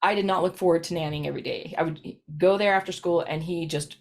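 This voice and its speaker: A woman's voice: lowish voice, quick pace, vocal fry. A woman presenting a lesson to practitioners in a chatty, storytelling way, often checking in with "right?". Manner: chatty, storytelling, frequent "right?" tag questions. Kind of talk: recorded professional presentation.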